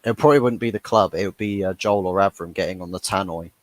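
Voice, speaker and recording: A young man with a low, deep voice gives live reaction commentary on a football match, talking casually as an anxious fan. The sound is dry and close, with no room echo. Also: fast talker. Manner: chatty, laughs at his own jokes, frustrated fan. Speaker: fan watchalong host.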